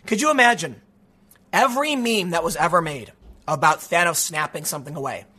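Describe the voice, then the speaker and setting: A man giving sarcastic commentary, mocking and animated, laughing often, and losing his voice. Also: fairly high pitch, fairly quick, husky. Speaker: political commentary host.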